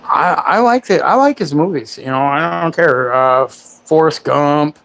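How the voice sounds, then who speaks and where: A man's voice: fairly high pitch, animated, unhurried, vocal fry, fairly bright tone. A man in his forties hosting a livestream. He rambles in casual chat and makes crude, self-mocking jokes. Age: 40s. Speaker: livestream host.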